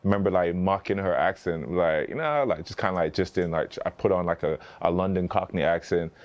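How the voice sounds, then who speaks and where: A man in his thirties with a very low voice tells stories as a podcast guest. He rambles, restarts often and leans on fillers. He slips into acted-out quotes of what other people said. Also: brisk, muffled recording. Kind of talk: conversational interview storytelling.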